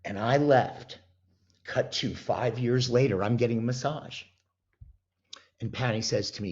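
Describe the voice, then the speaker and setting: A man guest on a podcast, telling a story with emphatic, animated delivery and acting out the voices of the people in it. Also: mid-range voice, a little slow, long pauses. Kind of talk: storytelling in an interview. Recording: dull lo-fi sound.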